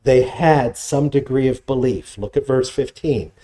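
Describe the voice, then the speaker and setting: A man preaching a sermon, with animated delivery and scripture quotations. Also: measured pace. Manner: animated preaching, dramatic pitch swings, reads scripture quotes. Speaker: pastor.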